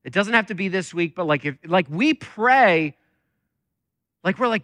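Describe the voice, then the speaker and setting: A man's voice: high-pitched, lively intonation, a little slow, a bit bright, no room sound. A man preaching a conversational sermon as lead pastor, talking with many fillers.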